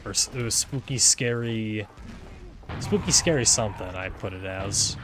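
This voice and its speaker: A young man in a casual solo livestream, talking in a flat, monotone way, rambling, swearing and restarting his sentences. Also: fairly low pitch, moderate pace, background noise. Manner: rambling, swears often, repeats words and restarts a lot. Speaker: streamer. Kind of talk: casual solo livestream chatter while gaming.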